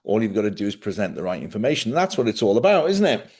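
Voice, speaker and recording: A man's voice: fairly low pitch, very animated, fast talker, darkish tone, slightly rough. A middle-aged man, hosting a casual livestream monologue, a chatty storyteller who laughs often and acts out other people's voices. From Ireland. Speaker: livestream host.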